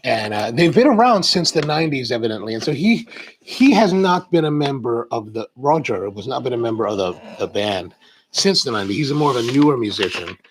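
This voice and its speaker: A man's voice: mid-range voice, very animated, a little fast, slight background noise, poor audio. A middle-aged man hosting a coffee channel, rambling casually through a live-stream chat while he unboxes a package. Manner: rambling, chatty storyteller.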